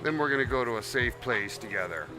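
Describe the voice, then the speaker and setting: A man's voice: medium pitch, lively intonation, quick pace. Man streamer chatting over music. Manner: refers to himself in third person; affectionate toward viewers. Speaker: live streamer. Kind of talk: casual game-stream chat. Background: background music.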